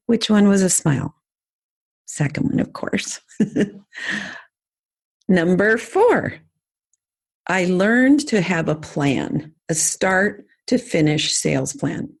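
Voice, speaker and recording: A woman's voice: on the low side, slow pace, creaky, long pauses, breathy edge. A middle-aged woman hosting a podcast, casually teaching sales lessons with enthusiastic coaching. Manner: warm enthusiastic coaching, lively demonstrations.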